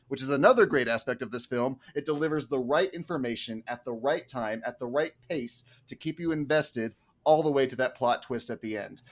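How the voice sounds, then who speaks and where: A man on a podcast panel reading a prepared film recommendation in a steady, enthusiastic way. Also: medium pitch.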